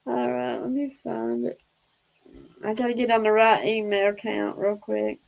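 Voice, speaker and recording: A woman's voice: on the high side, moderate pace, creaky, a little mellow, poor audio. A woman hosting a casual livestream, chatty, laughing often and fondly scolding her pets. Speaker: livestream host.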